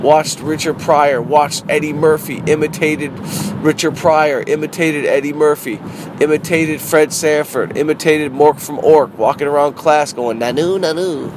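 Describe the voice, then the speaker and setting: A middle-aged man, a comedian, talking casually in a car in a rambling, animated way that repeats phrases. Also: a little high, unhurried. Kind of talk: casual car vlog monologue. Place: inside a parked car. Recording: noisy street ambience.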